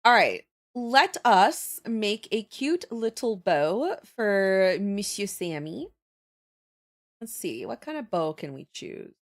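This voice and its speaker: A woman's voice: medium pitch, sing-song, takes it slowly. A young woman hosting a livestream, chatting casually while she draws and laughing often as she reads and answers her chat. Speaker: livestream host.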